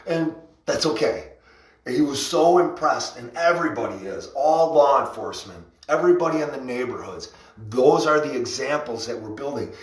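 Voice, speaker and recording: A man's voice: medium pitch, lively intonation, normal speed. A man hosting a casual motivational livestream, giving a rambling, enthusiastic pep talk about rallies, often breaking into laughs. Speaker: livestream host and rally organizer. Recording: echoey room, far from mic.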